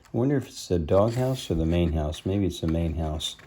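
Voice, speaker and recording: A man's voice: low voice, lively intonation, fairly quick, dark tone, slight background noise. A man reading a picture book aloud, stopping to explain the story in simple words. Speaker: storybook reader.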